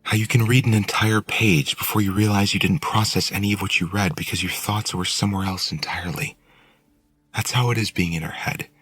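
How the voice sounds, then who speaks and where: A man's voice: fairly low pitch, fairly even intonation, fairly quick, a bit bright, husky, voice pushed up. A man reading an audiobook and voicing a blunt, curious woman who possesses another's body, lifting his voice to play her. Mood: musing.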